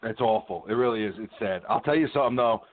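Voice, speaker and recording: A man's voice: on the low side, fast, slight background noise. A man hosting a casual sports podcast, telling joking stories with some swearing. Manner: loose, joking storyteller who swears. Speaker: podcast host. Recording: phone-like dry line.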